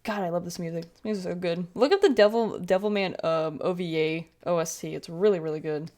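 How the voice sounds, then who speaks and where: A woman's voice: on the low side, fairly quick, a little mellow. A woman in her twenties chatting casually while drawing on a livestream, rambling along with lots of fillers and self-corrections. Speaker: streamer.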